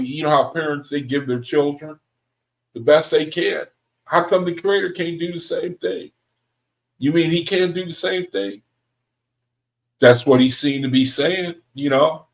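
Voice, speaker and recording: Reading passages of scripture to his Bible study group, a man comments on them excitably, laughs frequently, and calls the members brethren. He speaks at a fairly high pitch on a rough recording.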